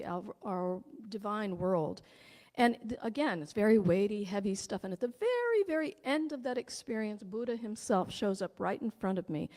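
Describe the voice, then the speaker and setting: A woman with a somewhat high voice gives an inspirational spiritual talk, full of joyful enthusiasm. She speaks as a teacher and channeler. Her voice rings with a long reverb. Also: a little mellow.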